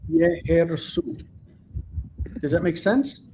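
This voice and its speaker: Guy teaching hebrew grammar over a video call, kinda high voice, little bit of background hiss, keeps asking if it makes sense. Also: moderate pace, darkish tone, rough recording. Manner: explains patiently, checks understanding with questions. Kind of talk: online Bible Hebrew class.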